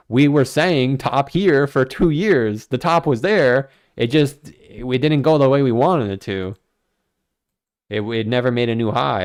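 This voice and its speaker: A man hosting a crypto livestream, talking casually in a rambling, animated way, swearing and joking at his own expense. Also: medium pitch, smooth. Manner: rambling, animated, self-mocking, swears freely.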